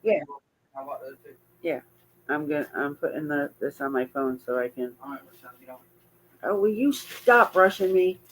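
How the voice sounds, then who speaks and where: A woman's voice: sits low, animated, measured pace, pauses often, a little hiss or hum, poor audio. A woman hosting a stream, reacting to clips in casual chat with exclamations.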